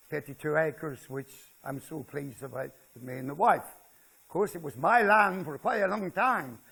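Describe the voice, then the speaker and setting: An older author with a West Country Devon accent gives a festival talk to a seated audience, telling jokey country stories and regularly checking in with listeners. His voice is fairly high, creaky, fairly bright and slightly rough, and his manner is chatty.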